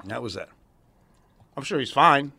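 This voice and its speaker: A man's voice: mid-range voice, expressive, moderate pace, creaky, pushed and bright, slightly rough, no room sound. A middle-aged man telling profane, streetwise stories in a casual podcast chat. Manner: profane, streetwise storyteller who acts out other people's voices. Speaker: podcast co-host.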